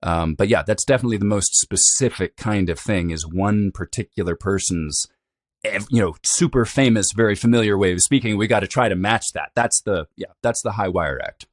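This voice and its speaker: A man with a very low voice talks through his expertise in an easygoing interview. He explains at length, restarting phrases and filling pauses with "um" and "you know." The sound is dry and close. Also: no echo. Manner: thoughtful, explanatory, with frequent fillers. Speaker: dialect coach. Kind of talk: casual interview answers.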